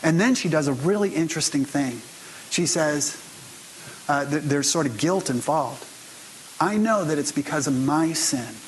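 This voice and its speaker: A man's voice: on the high side, slight background noise, poor audio. A man pastor giving a sermon in a conversational storytelling way, speaking straight to his congregation.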